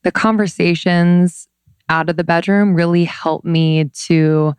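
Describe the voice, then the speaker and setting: Woman co-host, low-pitched smooth voice, thoughtful and questioning. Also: steady tone, measured pace, darkish tone, dry recording. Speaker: podcast co-host. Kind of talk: casual podcast conversation.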